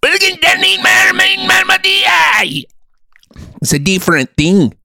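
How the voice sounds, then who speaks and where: A man putting on an exaggerated Scottish accent, playful and rising to a high, loud, sing-song pitch. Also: expressive, slow pace, vocal fry, very noisy, exaggerated voice. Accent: put-on Scottish.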